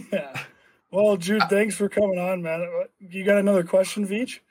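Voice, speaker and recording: A young man hosting a podcast, telling stories in an animated way, swearing and acting out quotes. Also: sits high, a little slow, husky. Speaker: podcast host. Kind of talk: casual chat.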